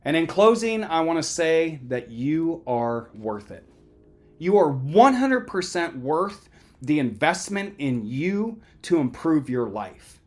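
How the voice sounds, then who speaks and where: A man's voice: a little high, sing-song, takes it slowly, a little mellow. A middle-aged man lecturing as a counselor, conversational and emphatic, often checking in with "right?". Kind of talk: motivational talk.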